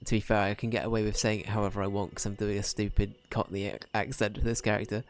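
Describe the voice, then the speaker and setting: A man's voice: on the low side, little pitch movement, fast, faint music behind. A man streaming a game, making self-mocking, chuckling asides about his own accents. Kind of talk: casual stream commentary.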